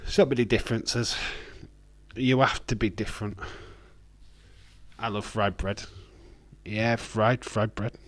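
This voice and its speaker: A UK livestream host speaks slowly in a fairly low, steady voice, with no echo on the recording. He casually answers his live chat, ranting, joking and laughing along.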